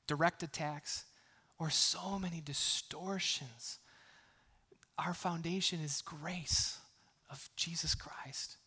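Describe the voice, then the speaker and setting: A man preaching in a fairly high voice, talking to the congregation as if in conversation. He falls to near whispers on tender lines and then rises into loud, emphatic bursts, with light jokes between earnest points. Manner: conversational, with frequent restarts and asides; swings from hushed, almost whispered passages to loud emphatic bursts. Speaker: pastor. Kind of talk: sermon.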